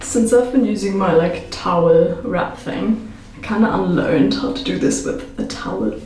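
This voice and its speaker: A woman's voice: mid-range voice, a little slow, a little mellow. A young woman with a German accent, chatting casually in a home vlog and filling her talk with "like" and "um". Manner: chatty, with many fillers like "like" and "um". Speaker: vlogger. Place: home in London.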